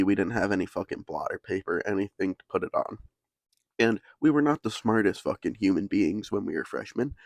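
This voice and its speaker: A man's voice: on the low side, no room sound. A young man casually telling a story in laid-back slang, swearing constantly.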